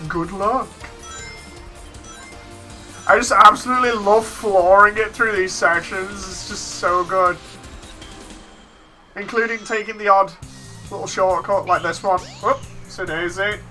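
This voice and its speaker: Chatty streamer woman, bright forceful voice. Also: mid-range voice, steady tone, unhurried, long pauses. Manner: reads chat messages aloud, chatty and laughing. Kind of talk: casual gameplay stream commentary. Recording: faint game music behind.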